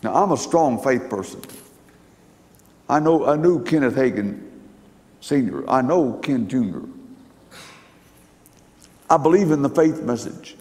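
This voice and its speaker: A man's voice: medium pitch, animated, a little slow, long pauses, darkish tone. An older man preaching, telling stories in a folksy, emphatic way. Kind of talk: sermon storytelling. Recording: long hall reverb.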